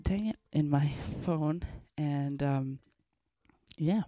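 A woman's voice: low-pitched, extremely slow, mellow, dry recording, soft background music. A young woman from Canada's Northwest Territories, a musician hosting her own show, talking in a rambling, hesitant way full of fillers. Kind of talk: casual solo show talk.

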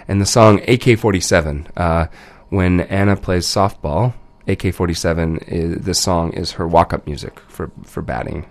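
A man with a cold chats loosely between records as a radio DJ, his stuffed-up voice nasal and a touch low. There is a gravelly fry running under his words, and he meanders and corrects himself as he goes. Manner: loose, rambling, self-correcting. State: has a cold. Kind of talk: casual radio chat between songs.

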